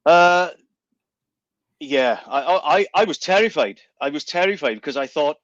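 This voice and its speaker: A man's voice: a little high, expressive, a bit bright, dry recording. A man with a West Welsh accent, a guest comedian chatting casually on a radio show, often restarting and repeating words. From South West Wales. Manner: halting, many restarts and repeats. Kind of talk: casual chat. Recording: dry, dull lo-fi sound.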